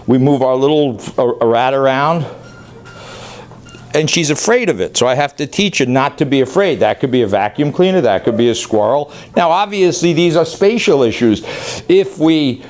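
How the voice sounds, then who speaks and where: A man's voice: a little high, darkish tone. A man working as a dog trainer, giving a rambling, chatty on-camera demonstration that often corrects itself mid-sentence.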